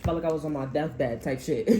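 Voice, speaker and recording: A woman's voice: low-pitched, sing-song, unhurried, dark tone, a little hiss or hum, rough recording. A woman tarot reader delivering a blunt, heavily profane, heated rant about what spirit is telling her. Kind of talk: channeled reading rant.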